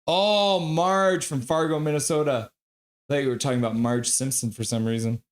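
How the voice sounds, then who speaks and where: A man streaming live hockey play-by-play, excitable and profane, reading viewer chat aloud between calls. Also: a little high, moderate pace. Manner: excitable, swears, reads chat comments aloud.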